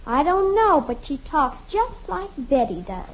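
A woman's voice: high voice, sing-song, unhurried, a little hiss or hum. A woman playing a chatty, blunt little girl in a 1950s radio sitcom, on a dull lo-fi old radio recording. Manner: blunt, matter-of-fact childish talk.

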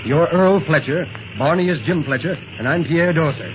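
An actor playing a commanding adult male secret agent, brisk and authoritative, in old radio drama style. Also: on the high side, natural voice. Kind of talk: 1930s radio drama acting. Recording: dull old radio recording with hiss.

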